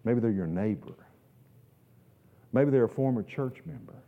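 A man preaching a sermon in a church sanctuary, emphatic, swinging between loud stressed words and quiet asides and repeating words as he restarts. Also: mid-range voice, lively intonation, moderate pace, gravelly. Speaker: pastor. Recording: echoey hall, dull lo-fi sound.

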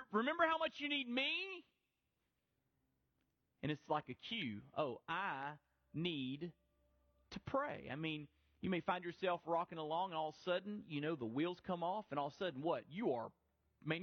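A middle-aged pastor with a notably high voice preaches in a relaxed, conversational way, stumbling over and restarting his words as he goes. The sound is dry and a little dull. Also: no echo. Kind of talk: sermon.

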